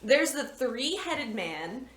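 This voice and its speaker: A woman's voice: high-pitched, sing-song, takes it slowly. A woman reading a spooky book aloud to friends, playful and laughing between lines. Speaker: podcast guest reading aloud. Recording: echoey room with faint noise.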